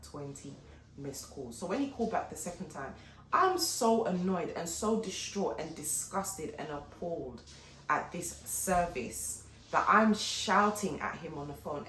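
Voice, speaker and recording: A woman vlogger telling a story in a casual, animated way, often turning to her viewers. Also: low-pitched. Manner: animated, chatty retelling with frequent asides to viewers. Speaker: fashion and lifestyle vlogger. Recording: echoey room with faint background noise.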